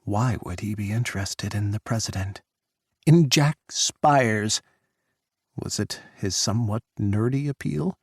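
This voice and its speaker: Male audiobook narrator, gravelly texture, dry close-miked sound. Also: on the low side, normal speed, hardly any pauses, a little mellow, dry recording.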